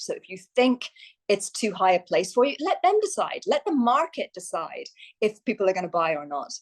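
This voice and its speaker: A woman's voice: on the low side, normal speed. Irish woman, success coach, podcast guest, enthusiastic and chatty. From Ireland. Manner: enthusiastic, animated, many fillers and restarts. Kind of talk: podcast interview.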